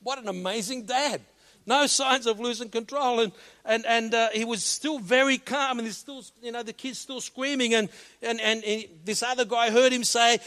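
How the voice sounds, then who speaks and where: A male preacher, giving an animated sermon and telling a story, often repeating words as he starts a sentence. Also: very high-pitched, moderate pace. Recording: long reverb of a large hall.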